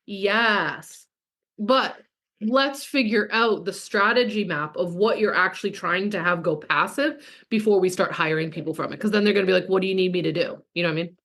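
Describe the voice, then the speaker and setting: Mid-range and a bit bright, this woman's voice moves at normal speed. She's a business coach in her thirties on a coaching call, frank and casual with plenty of swearing as she reads and answers comments from the chat.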